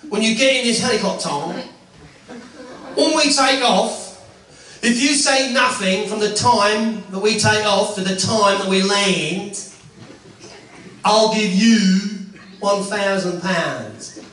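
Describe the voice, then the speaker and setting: A man's voice: sits high, slow, pauses often, a bit bright. A man voicing a pushy English helicopter pilot who teases and haggles. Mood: teasing. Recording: echoey hall, heard from far off, noisy.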